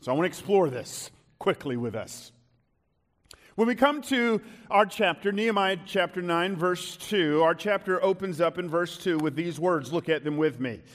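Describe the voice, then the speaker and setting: Male pastor, middle-aged, emphatic sermon, fairly high voice, long hall reverb. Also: lively intonation. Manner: emphatic preaching, slowing and rising on key lines.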